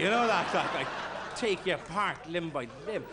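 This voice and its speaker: Brief: Irish man doing stand-up, animated, shouty bursts, high voice, noisy live recording. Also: fairly quick. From Ireland. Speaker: stand-up comedian. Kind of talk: stand-up comedy set.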